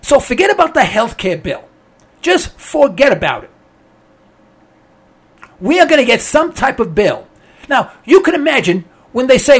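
A man's voice: very high-pitched, very animated, normal speed, pauses often, breathy edge. A man giving a blunt, emphatic ranting monologue on politics, sarcastic and repetitive, hammering his points again and again. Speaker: political commentator.

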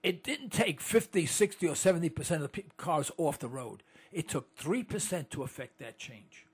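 A man's voice: a little high, lively intonation, moderate pace, husky. A man giving an indignant, rambling monologue as a host, often restarting his sentences. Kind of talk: monologue to listeners.

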